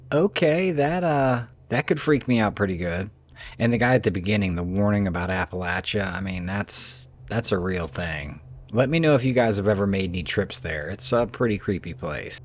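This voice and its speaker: A man hosting a spooky-footage channel, mixing casual reactions with storytelling narration. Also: normal speed. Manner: casual, musing delivery with lively pitch swings.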